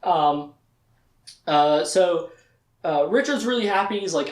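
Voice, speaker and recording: Chatty lecturer with a lively, laughing delivery. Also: mid-range voice, slow. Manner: chatty, laughing often, acting out quotes. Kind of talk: casual lecture recap of a fantasy novel. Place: room with a small live audience. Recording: echoey room.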